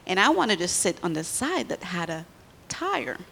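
A woman's voice: on the low side, big pitch swings, moderate pace, creaky, bright, forceful tone, long reverb tail, slight background noise. A woman giving a children's sermon in church, telling a story and quizzing the kids as she goes.

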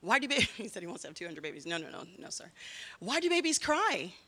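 Bright-voiced woman teaching children. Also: on the low side, rapid-fire, in a large hall. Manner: lively, keeps asking the children questions. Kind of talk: children's sermon.

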